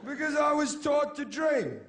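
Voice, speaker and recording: A man performing a stand-up set in a theatre, swearing constantly and swinging between shouted rants and low, mumbled asides. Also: big pitch swings, unhurried, a faint crowd, slight background noise. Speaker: stand-up comedian. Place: sold-out theatre.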